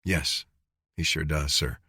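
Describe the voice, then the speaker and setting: A man voicing a tough male master sergeant who speaks in an earnest, measured, restrained way. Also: a bass voice, sharp tone, breathy edge, dry recording, studio quality, heavily acted. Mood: subdued.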